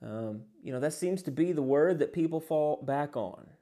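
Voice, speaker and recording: A man teaching as a pastor in an earnest sermon, pausing often on fillers and posing many rhetorical questions. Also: on the high side, animated, dark tone.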